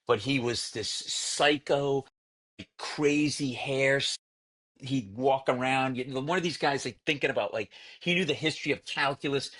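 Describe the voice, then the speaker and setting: A man spins family anecdotes in conversation, his voice rising and dropping as he acts out relatives. He talks in quick bursts with plenty of fillers and restarts. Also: medium pitch. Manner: animated storyteller who acts out family characters. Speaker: comedian guest. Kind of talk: storytelling in casual conversation.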